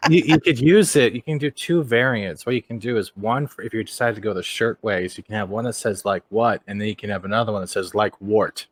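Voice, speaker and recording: A man's voice: lowish voice, quick pace, hardly any pauses, no room sound. A man co-hosting a casual interview, joking and making teasing asides.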